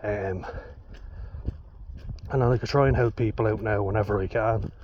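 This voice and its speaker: Speaking at a moderate pace, an Irish vlogger with a lowish, slightly breathy voice rambles casually, cursing often and wandering into asides. The recording is muffled and lo-fi, with a steady hiss.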